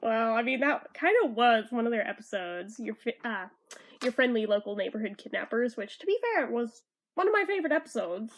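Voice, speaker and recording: A young woman with a high voice chats through a comic as a fan. She is animated and swears freely between the panels. She reads the characters' lines in a plain, offhand voice. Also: a little fast. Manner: animated, swearing, laughing asides. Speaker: fan reviewer reading a comic aloud. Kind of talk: casual comic read-through.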